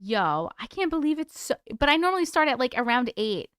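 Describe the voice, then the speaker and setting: Picture a woman streamer at her desk at home, chatting away and swearing without a second thought. Her voice sits a touch high and comes through smooth and clear. The sound is close and dry. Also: brisk, dry recording. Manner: chatty, swears freely, excitable. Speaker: host of a live stream. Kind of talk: casual live-stream chat.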